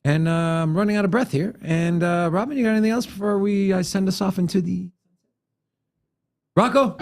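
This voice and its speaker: A man with a fairly high voice hosts a laid-back talk show. He rambles easily and fills pauses with "uh" and "um." Faint music sits in the background. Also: vocal fry. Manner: rambling, filler-heavy sign-off. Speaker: show host. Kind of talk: casual podcast chat.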